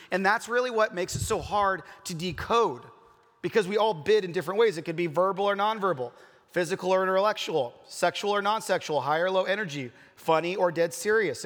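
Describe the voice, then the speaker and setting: A man's voice: high-pitched, a bit bright. A man preaching a casual sermon in a church, repeating key points and laughing easily. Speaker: pastor. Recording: long hall reverb.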